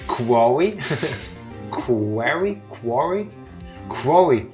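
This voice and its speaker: A man's voice: medium pitch, big pitch swings, mellow, soft background music. Playful punning man playing a game. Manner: playful, punning, quick asides. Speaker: let's play co-host. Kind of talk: casual gameplay banter, reading dialogue aloud.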